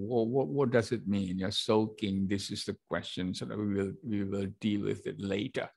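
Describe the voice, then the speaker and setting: A man's voice: on the low side, fairly even intonation, normal speed, gravelly, hardly any pauses, darkish tone, husky. A man teaching an English class online, with an Indonesian accent, full of fillers and hesitations, reading dialogue lines aloud in a lifted voice.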